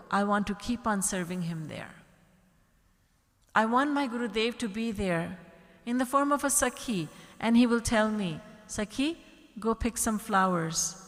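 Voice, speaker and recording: A woman spiritual teacher giving an earnest devotional discourse, full of rhetorical questions. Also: medium pitch. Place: large retreat hall. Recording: long reverb from a large hall.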